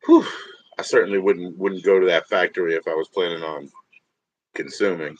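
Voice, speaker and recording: Male livestreamer with a lowish voice, loose and profane, chatting and laughing with viewers. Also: steady tone, normal speed, no echo, dull audio. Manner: rambling, profane, laughs often, talks to viewers. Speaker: livestream host. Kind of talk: casual livestream chat.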